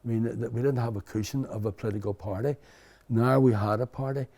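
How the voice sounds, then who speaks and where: A man's voice: medium pitch, steady tone, fast, mellow. An older man from Belfast with a Belfast accent, telling his story as an interview guest in a rambling, candid way. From Belfast, Northern Ireland. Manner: rambling, frequent restarts and "you know".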